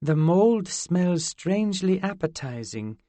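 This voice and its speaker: A man's voice: high voice, big pitch swings, slow, dark tone, no room sound, voice pushed up, exaggerated voice. A male narrator voicing a haughty, curious fairy girl with a British accent and formal, old-fashioned phrasing. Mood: wondering.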